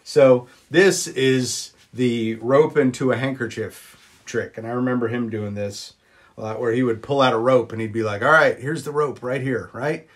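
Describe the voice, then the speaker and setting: A man chatting casually on a live stream, greeting viewers and filling pauses with ums as he shows old magic props. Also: steady tone, a little mellow. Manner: chatty, greets viewers, jumps up high on exclamations; frequent ums and uhs. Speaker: vlogger showing magic props.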